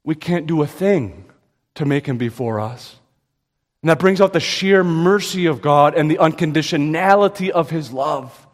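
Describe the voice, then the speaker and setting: A man preaching a sermon as pastor, emphatic, with sudden rises in pitch and slow, stressed quotations. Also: lively intonation, big-room sound.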